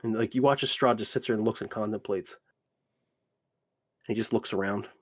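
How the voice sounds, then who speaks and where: A man's voice: on the low side, steady tone, brisk. A man running a tabletop game as dungeon master, narrating in a rambling way. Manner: rambling, repeats "you watch" and "literally".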